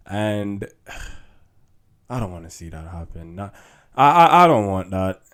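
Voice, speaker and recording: A man's voice: fairly low pitch, sing-song, slow, pauses often, fairly bright tone. A young man, hosting a podcast as a casual, chatty monologue. He laughs often and peppers his talk with "yo" and "like". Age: young adult. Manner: laid-back, chatty, laughs often, says "yo" and "like". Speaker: podcast host.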